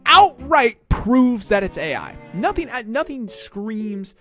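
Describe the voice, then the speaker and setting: Animated, stammering video commentator. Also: mid-range voice, slow, soft background music. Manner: excitable, stammering, full of rhetorical questions.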